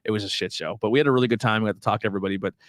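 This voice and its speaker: Rapid-fire and on the low side, this man's steady, slightly bright voice has no echo and studio quality. The podcast host, chatting casually with friends, spins lively stories, swears freely and imitates the people he quotes.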